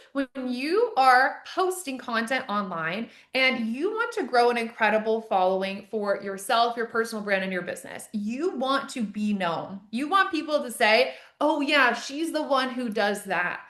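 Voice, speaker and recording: A young woman coach hosting a live online masterclass, gushing and energetic, swearing freely. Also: fairly high pitch. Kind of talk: hyped live-stream pep talk. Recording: echoey room.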